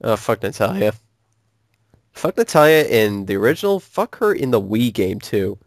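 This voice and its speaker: A man ranting about games in casual chat with a friend, animated and quick to curse and laugh. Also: on the low side, no room sound, studio quality. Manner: animated, swears freely, laughs often. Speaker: co-host of a gaming channel.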